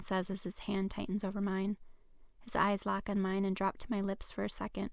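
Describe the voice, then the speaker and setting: Gravelly-voiced woman narrating an audiobook. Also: medium pitch, level tone, normal speed, no room sound, studio quality. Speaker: author reading her own novel.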